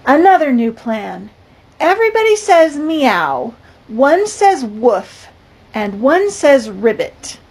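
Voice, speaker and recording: An older woman voicing a bossy, exasperated cat in a storybook read-aloud, loud and emphatic, with a husky voice. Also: sits high, very animated, slow, voice pushed up, heavily acted. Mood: insistent. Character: bossy cat insisting everyone meow.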